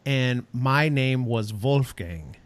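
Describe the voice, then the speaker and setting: A man co-hosting a podcast in excitable casual chat, quick to laugh. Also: medium pitch, no echo. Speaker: podcast co-host.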